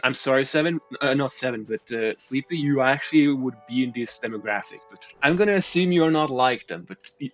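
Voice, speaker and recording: Rambling, swearing man. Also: medium pitch. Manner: rambling, swearing, indignant asides, many restarts. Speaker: storyteller. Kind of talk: casual storytime rant. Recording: dull recording with faint music.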